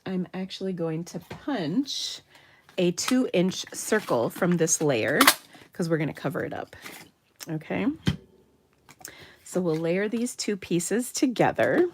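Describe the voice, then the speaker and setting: A woman's voice: on the low side, a little hiss or hum. A woman from Minnesota hosting a live card-making demonstration from her home craft room, chatting and laughing as she works. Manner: chatty, upbeat, laughs often. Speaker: card-making tutorial host.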